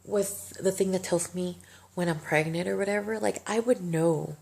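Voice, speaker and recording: A woman's voice: on the low side, normal speed, creaky, darkish tone. A young woman vlogging a personal story, emotional and rambling, swearing freely. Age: young adult. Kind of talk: casual storytime monologue.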